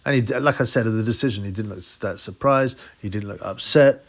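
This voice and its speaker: A man hosting his boxing channel, musing out loud in a rambling, casual way with many restarts. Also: lowish voice, fairly quick, creaky. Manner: rambling, restarts, mock voices for quotes. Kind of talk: casual solo commentary.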